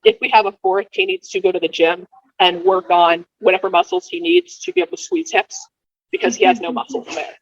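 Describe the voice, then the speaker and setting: A woman in her thirties, a podcast guest telling her birth story casually, with lively delivery and quick repeated words. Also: medium pitch, dry recording. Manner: animated, repeats words when rushing, acts out quoted dialogue. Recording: dull lo-fi dry sound.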